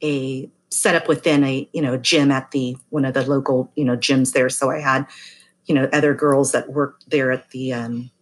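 A woman's voice: extremely low pitch, steady tone, moderate pace. A middle-aged woman, a massage therapist, telling a story in casual chat and acting out the voices of people she quotes. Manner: chatty, acts out quoted voices.

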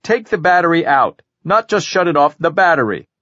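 A man's voice: mid-range voice, moderate pace, gravelly, no echo, lo-fi sound, voice pushed up, lightly acted. A man voicing a paranoid, agitated middle-aged man who is suspicious and snaps in exasperated outbursts.

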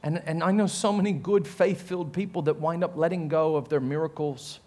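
A man's voice: a little high, brisk. A man with an Australian accent preaching a sermon as a pastor, telling funny family stories and acting out voices as he goes. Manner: animated storytelling, acts out quotes in a raised voice; self-mocking humor, laughs while telling stories.

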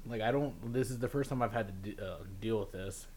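A young man telling a story in casual chat, laughing often and mimicking officials in a lower, quieter voice. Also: brisk, slight background noise.

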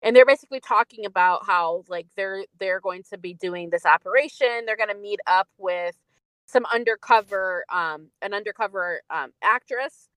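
A woman's voice: mid-range voice, normal speed, a bit bright, dry recording, rough recording. A woman co-hosting a podcast, chatting casually about a film with lots of fillers. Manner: chatty, many fillers and laughs. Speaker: podcast co-host.

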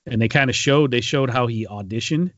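A man's voice: mid-range voice, brisk, no room sound, highs cut off. A man co-hosting a podcast, retelling a story in a rambling casual way with lots of ums and restarts. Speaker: podcast co-host. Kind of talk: casual chat.

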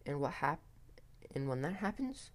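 A man reading a spooky story, voicing a sly, menacing teenage boy who taunts in a hushed, half-whispered voice. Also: medium pitch, moderate pace, vocal fry, lightly acted.

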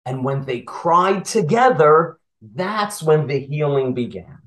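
A man's voice: a little high, animated, slow pace, a bit bright, poor audio. A man who teaches Torah, retelling a Talmud story as a lesson and asking his listeners questions as he goes.

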